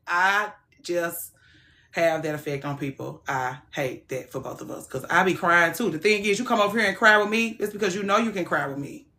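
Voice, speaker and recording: Lowish-voiced woman on a livestream, blunt and chatty, gets loud then quiet. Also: moderate pace. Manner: frank, animated, swings from soft to loud. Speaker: livestream host. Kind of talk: casual livestream chat.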